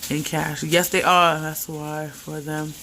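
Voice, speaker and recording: Ranting New woman vlogger, bright voice. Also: low voice, takes it slowly, a little hiss or hum. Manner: animated, ranting, laughs often. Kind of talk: casual rambling vlog chat.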